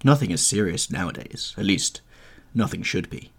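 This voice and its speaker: A man voicing a languid, petulant young gentleman in an audiobook, airy in manner with sudden high lilts. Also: animated, moderate pace, gravelly, heavily acted. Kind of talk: audiobook character reading.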